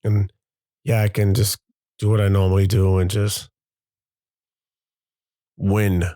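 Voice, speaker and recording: A man's voice: lowish voice, completely flat delivery, slow, dark tone, dry recording. A man, a father hosting his own show, speaking in a candid, confessional monologue that halts and repeats as he gathers his thoughts.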